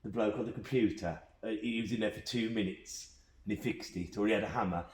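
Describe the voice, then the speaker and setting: Brief: low-pitched male host with a Black Country accent, earnest, in a roomy space. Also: fast talker, darkish tone. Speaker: podcast host. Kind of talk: casual podcast chat. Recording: roomy echo.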